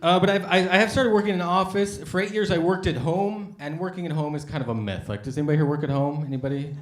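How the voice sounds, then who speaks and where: An American man on stage doing a stand-up comedy set, with a voice that sits a bit high for a man. He talks in a loose, conversational way and slips into voices for the people in his stories. The sound bounces around an echoey café room. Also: quick pace. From United States. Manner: conversational storytelling with acted-out voices. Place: café stage with a live audience. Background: audience laughter.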